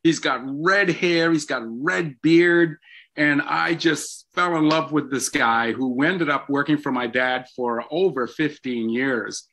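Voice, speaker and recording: An older man, a guest in an interview, telling stories from his life in an animated way with frequent ums. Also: a little high, takes it slowly. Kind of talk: storytelling in an interview.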